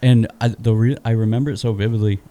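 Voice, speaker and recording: A man's voice: lowish voice, fairly even intonation, fast, warm tone. A man co-hosting a podcast, talking in a laid-back, rambling way. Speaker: podcast co-host. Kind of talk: casual chat.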